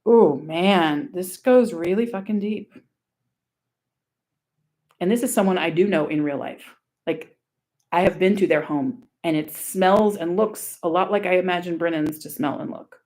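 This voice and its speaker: With a fairly low, darkish voice and a slightly slow delivery, a woman from Louisiana, USA, reads screenshots aloud in a casual vlog. The online commentator comes across as blunt, sarcastic and profane.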